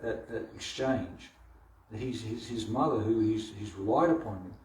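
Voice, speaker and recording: A man leading a devotional scripture class, retelling the story with halting repeats and restarts. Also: medium pitch, a little mellow. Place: temple hall. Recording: roomy hall from far off.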